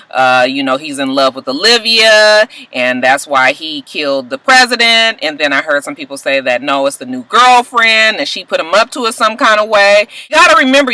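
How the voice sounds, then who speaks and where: A woman recapping a TV episode in an animated, gossipy, salty way, chatting to her viewers. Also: medium pitch, dry recording, low-quality recording. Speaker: TV recap vlogger.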